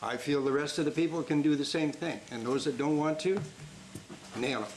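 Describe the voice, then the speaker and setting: A man's voice: on the high side, normal speed, low-quality recording. Older council guy, blunt and plain, lots of uhs, faint hiss. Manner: blunt, plainspoken, hesitant fillers. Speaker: city councillor. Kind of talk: council debate. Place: council chamber.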